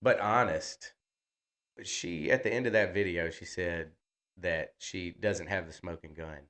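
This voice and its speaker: A man's voice: sits low, unhurried, fairly bright tone. A man, co-hosting a casual podcast in a laid-back, jokey manner. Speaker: podcast co-host.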